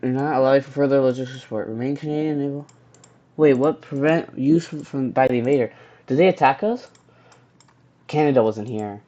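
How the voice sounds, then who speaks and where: A young man commentating a strategy game, excitedly reading event text aloud and cheering. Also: medium pitch. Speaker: gaming YouTuber. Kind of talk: let's play commentary. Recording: dull lo-fi home recording.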